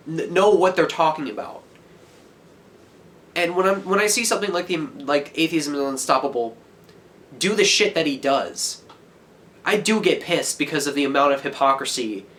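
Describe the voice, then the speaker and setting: A teenage guy's voice sitting a little high for a man, heated and full of swearing. He rants straight into the camera and yells at it. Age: teens. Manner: heated, profane, yelling. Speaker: vlogger. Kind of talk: angry rant to camera.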